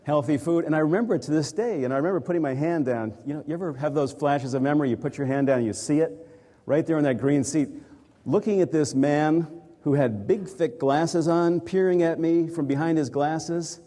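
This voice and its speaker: A man's voice: on the high side, fairly quick, dark tone. A man, an executive coach, telling a personal story to a live audience in a reflective, conversational way. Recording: reverberant hall.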